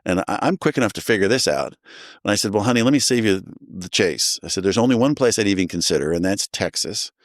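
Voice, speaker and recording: Deep-voiced New man telling stories. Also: fast, no echo, clean studio sound. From New Jersey. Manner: animated storyteller, acts out quoted voices. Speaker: guest sharing recovery story. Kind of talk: casual storytelling.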